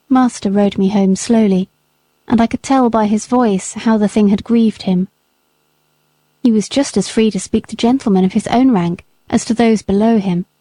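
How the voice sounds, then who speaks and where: A woman reading a classic novel aloud as an audiobook narrator, with calm, even storytelling. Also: medium pitch, no room sound. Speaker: audiobook reader. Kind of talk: scripted narration.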